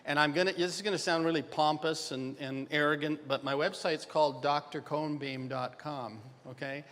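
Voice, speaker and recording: An older man from Canada gives a conference lecture with a wry, self-mocking humor, bantering with the crowd. His voice sits a bit high for a man. The sound rings with the long reverb of a large hall. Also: fairly even intonation, moderate pace, a bit bright. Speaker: dental radiology lecturer.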